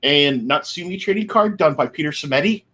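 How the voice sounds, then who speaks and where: A man co-hosting a casual podcast, speaking in a somewhat high voice. He talks hesitantly and fills his pauses with "uh.". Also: expressive, sharp tone, poor audio. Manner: hesitant, many "uh"s. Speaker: podcast co-host, project creator.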